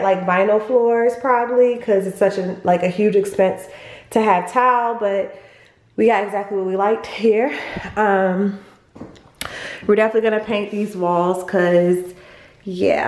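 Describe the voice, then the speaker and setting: This casual home tour vlog has a young woman walking room to room through her family's empty new house, handheld phone in hand. Her mid-range voice is unhurried and a bit mellow, and she gushes chattily with plenty of fillers, slightly out of breath.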